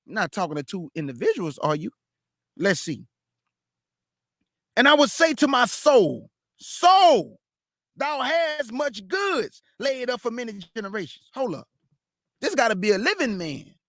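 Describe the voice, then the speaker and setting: A man teaching the Bible, reading verses aloud and breaking off to question them with drawn-out emphasis. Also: high-pitched, a bit bright, no room sound, studio quality. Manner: reads verse then stops to question it aloud. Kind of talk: street-style scripture teaching.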